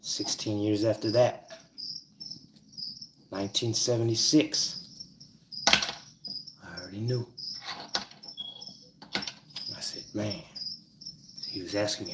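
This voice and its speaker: A man's voice: lowish voice, fairly even intonation, slow, long pauses, heavy background noise. A man telling stories and teaching a numbers trick in a casual, profane, emphatic way. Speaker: numerology teacher. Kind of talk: casual storytelling monologue.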